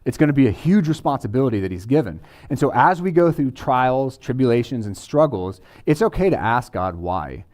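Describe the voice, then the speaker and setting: A man's voice: medium pitch, big pitch swings, brisk, few pauses, darkish tone. A man preaching a sermon in a conversational way, with casual asides to the congregation. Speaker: pastor.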